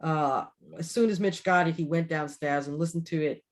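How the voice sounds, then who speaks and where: Older woman co-host, lower voice, animated storyteller who laughs a lot. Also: moderate pace. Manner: animated, laughs often, many restarts. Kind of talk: casual chat, personal storytelling.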